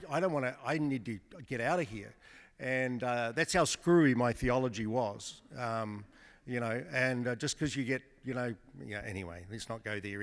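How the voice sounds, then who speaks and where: Telling his testimony as a guest preacher at a church service, this man jokes and chats with the congregation, restarting often. His voice is medium in pitch with a fairly bright tone, and the recording carries long church hall reverb.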